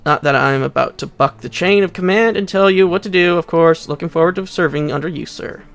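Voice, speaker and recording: A man reading aloud the lines of an eager young male police officer from a video game, in an earnest, brisk way. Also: on the high side, gravelly, fairly bright tone, clean tone. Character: eager young male cop, boastful maverick.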